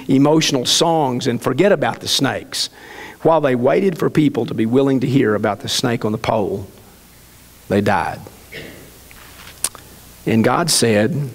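A man preaching a sermon, reading a satirical parable aloud and slowing down for emphasis. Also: mid-range voice. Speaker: pastor. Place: church sanctuary. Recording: long hall reverb.

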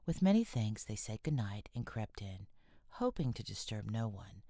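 A woman's voice: very deep voice, very animated, moderate pace, warm tone, dry recording, studio quality. A woman narrating a classic novel as an audiobook, reading expressively and often dropping into a whisper. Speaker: audiobook reader.

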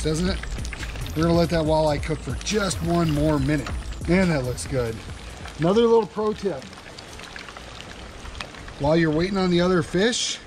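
A man's voice: on the high side, background noise. A man hosting a fishing and cooking channel, chatting through a casual cooking demonstration and talking straight to the viewer with instructive tips. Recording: music playing underneath.

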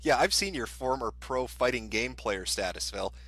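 Sneering, animated male commentary ranter. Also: mid-range voice, moderate pace, gravelly, breathy edge. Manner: mocking, profane, sarcastic. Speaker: commentary streamer. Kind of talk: ranting commentary.

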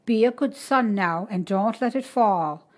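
A woman voicing a calm middle-aged midwife who soothes and gives firm orders. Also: a little high, measured pace, voice pushed up. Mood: firm, soothing.

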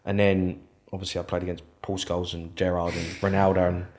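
A man's voice: low-pitched, flat delivery, a little fast, darkish tone. A man guesting on a podcast as a former footballer, telling his story candidly and swearing freely. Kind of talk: casual storytelling interview.

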